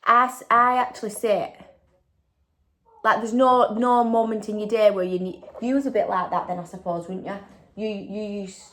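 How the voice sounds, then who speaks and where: A woman's voice: mid-range voice, fairly bright tone. A woman, chatting casually in a vlog and tagging questions onto her sentences. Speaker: vlogger. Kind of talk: casual chat.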